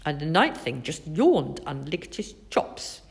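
Lady reading a kids story, super lively up and down voice, takes her time. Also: sits low, takes it slowly, gravelly. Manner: expressive, sing-song. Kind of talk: children's story read-aloud.

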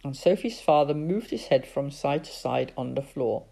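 A woman reading a children's story aloud in an expressive, lively way. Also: a bass voice, moderate pace, vocal fry. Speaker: narrator.

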